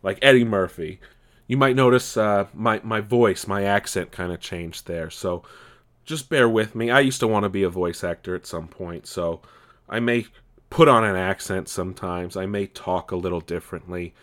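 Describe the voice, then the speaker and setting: A man's voice: sits low, normal speed, a bit bright. A man hosting his own podcast, rambling and stammering through frequent restarts, blunt and swearing as he talks casually. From California. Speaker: podcast host. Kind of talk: casual solo podcast monologue.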